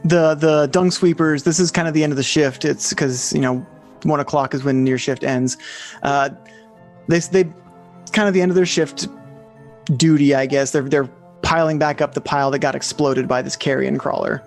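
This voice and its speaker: A man's voice: fairly high pitch, steady tone, normal speed, faint music behind. Rambling man running a tabletop game. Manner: rambling, restarts, chuckling. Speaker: game master.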